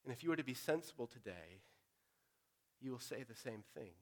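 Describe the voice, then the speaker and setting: A pastor preaching an earnest, direct sermon, moving between loud urging and quiet, pressing appeal. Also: male voice, mid-range voice, lively intonation, a little fast.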